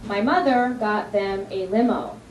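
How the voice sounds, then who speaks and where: A woman from New Jersey doing a stand-up comedy set, telling animated stories with sudden high-pitched punchlines. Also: measured pace, far from the mic, a little hiss or hum. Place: comedy club stage. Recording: echoey club recording from afar, with crowd laughter.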